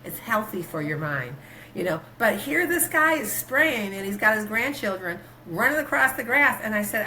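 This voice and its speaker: A woman doctor talking in a casual interview, rambling through stories with many fillers and restarts, her pitch jumping when she quotes herself. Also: normal speed, a little hiss or hum, rough recording. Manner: animated, pitch jumps when quoting herself. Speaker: guest, doctor.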